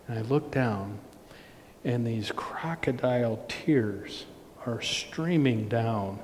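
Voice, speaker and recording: Middle-aged male pastor, unhurried heartfelt storyteller, church reverb. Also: medium pitch, a little mellow. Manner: slow, earnest storytelling with restarts. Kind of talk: sermon with personal story. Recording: long reverb, faint noise.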